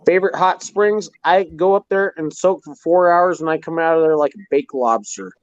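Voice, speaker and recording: A man's voice: on the high side, moderate pace, dry recording. A man talking bluntly and jokingly over his cell phone on a live panel, swearing casually. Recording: dry, dull cell phone audio.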